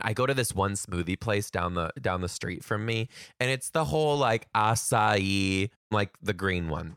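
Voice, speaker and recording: A young man rants through a casual monologue, his voice swinging widely in pitch as he exclaims and laughs between lines. He sounds like a teacher telling stories to viewers. The recording is close and dry, with no room sound around him. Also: no room sound. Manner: animated, exclamatory, ranting; laughs often while talking.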